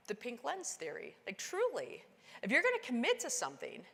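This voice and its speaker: A woman giving a keynote talk, telling a climbing story and acting out the dialogue with lively, animated delivery. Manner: animated, acts out dialogue with big pitch jumps. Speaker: keynote speaker. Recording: long hall reverb.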